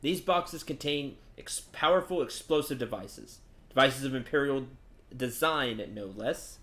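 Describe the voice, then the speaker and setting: A man's voice: medium pitch, unhurried, a bit bright, reverberant, lightly acted. A man reading a formal male military officer's lines aloud from a video game. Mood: grave. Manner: reads game dialogue aloud, stiff and formal.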